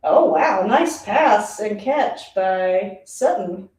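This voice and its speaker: A woman talking through a live football game as a streamer, chatty and rambling and often laughing. Her voice is mellow and a little dark. It sits away from the mic in an echoey room. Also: medium pitch, animated, very slow. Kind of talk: casual live play-by-play reaction. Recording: roomy, distant mic.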